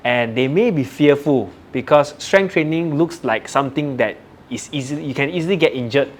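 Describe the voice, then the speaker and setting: A man's voice: mid-range voice, normal speed, a little hiss or hum. A man hosting a podcast, asking a guest questions and often saying "okay" as a filler. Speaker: podcast host. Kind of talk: interview questions.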